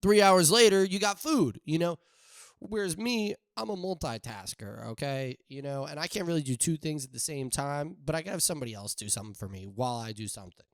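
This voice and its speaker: A young man hosting a casual solo podcast, rambling and joking with sudden loud outbursts. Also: medium pitch, animated, fast talker, dry recording, clean studio sound. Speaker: podcast host.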